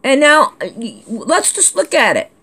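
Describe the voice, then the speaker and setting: A woman's voice: high voice, very animated, moderate pace, sharp tone. A woman hosting a casual vlog, reading out viewer comments in a chatty, scolding, drawling way. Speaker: channel host reading comments.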